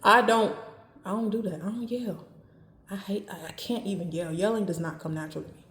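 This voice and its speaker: A woman giving dating advice in a casual talk to camera, speaking calmly and evenly and driving her points home by repeating them. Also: mid-range voice, a little fast, roomy sound. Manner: calm, even, straight-talking with emphatic repetition.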